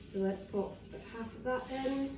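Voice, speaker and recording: A Scottish woman with a slightly high voice chats her way through a cooking demo. She rambles and restarts as she goes. She is heard from a distance in a roomy home kitchen, with dishes and cutlery clinking behind her. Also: a little slow, very noisy. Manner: chatty and rambling, with fillers and restarts. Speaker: wellness vlogger. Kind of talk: casual cooking demonstration. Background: clinks of dishes, cutlery and pans.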